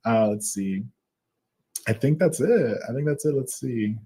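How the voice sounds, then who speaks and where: A man's voice: medium pitch, expressive, unhurried, slightly rough. Man, 30s, live-stream host reading chat aloud, chatty, laughs a lot, fillers between comments. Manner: warm, laughs often, reads with fillers.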